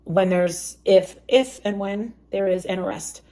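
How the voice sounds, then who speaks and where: A woman's voice: medium pitch, a little slow, mellow. A woman talking on a live stream, hesitant and full of ums. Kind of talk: casual live chat.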